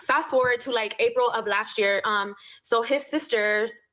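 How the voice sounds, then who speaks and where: A woman's voice: a little high, moderate pace, a bit bright. A young woman telling a casual storytime, blunt and profane, dropping Spanish phrases into her speech.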